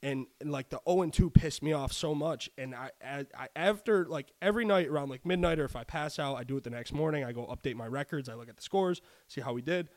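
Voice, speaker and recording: A young man co-hosting a podcast, chatting casually about sports betting, swearing often and rambling with excitement. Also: a little high, quick pace, few pauses. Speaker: podcast co-host.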